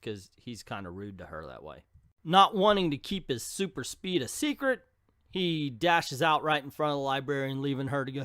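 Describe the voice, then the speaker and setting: A man's voice: mid-range voice, sing-song, normal speed, a bit bright, no echo, studio quality. A man giving casual, sarcastic commentary on an old comic book. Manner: sarcastic, mocking.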